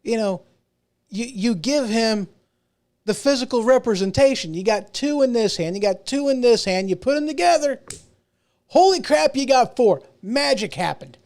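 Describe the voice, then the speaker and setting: A middle-aged man with a notably high-pitched voice hosts his own podcast, talking alone in a loose, rambling rant. He repeats words and restarts his sentences, and he often pokes fun at himself. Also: expressive, normal speed, darkish tone. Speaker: podcast host. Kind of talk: casual solo rant.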